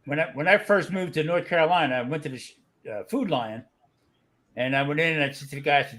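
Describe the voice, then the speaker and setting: A man's voice: on the high side, fast talker, a bit bright. A man telling folksy stories in a casual live stream chat. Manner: folksy storytelling.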